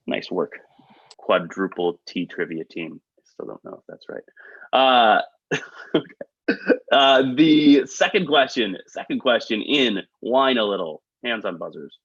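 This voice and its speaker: A man hosting a trivia game over a video call, reading questions with quick joking asides. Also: on the low side, very animated, a bit bright, slightly rough, no room sound. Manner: upbeat, quick asides, chuckles at own jokes. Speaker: trivia quiz host. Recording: dull, lo-fi video call audio.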